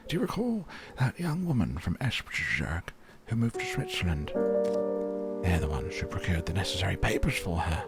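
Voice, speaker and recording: A pious older village pastor, with a voice that rises and falls dramatically as he gently chides and preaches. He sounds like game dialogue, with loud music swelling underneath. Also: sits low, sing-song, moderate pace. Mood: chiding.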